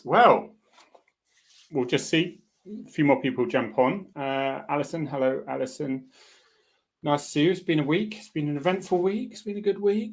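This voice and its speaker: A middle-aged man hosting a livestream, chatting loosely with viewers, greeting them by name and wandering between topics. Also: a little high. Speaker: livestream host. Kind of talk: casual chat with viewers. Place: lodge indoors.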